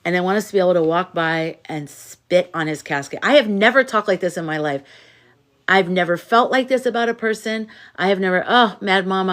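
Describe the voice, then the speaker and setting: A woman's voice: fairly low pitch, brisk, fairly bright tone. Weary, venting woman livestreamer. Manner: venting, frustrated and weary, thanks viewers by name. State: exhausted. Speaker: live streamer. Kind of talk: casual livestream chat.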